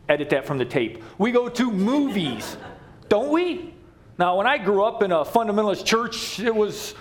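A middle-aged man preaching from the pulpit with a high, lively voice that swings widely up and down. He tells the story playfully, with humorous asides and quick jokes. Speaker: pastor. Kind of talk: sermon.

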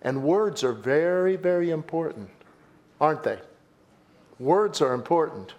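A man's voice: on the high side, lively intonation, a little slow, darkish tone, dull audio. A male pastor preaching a sermon, telling a story with dramatic emphasis and repetition and calling his listeners folks.

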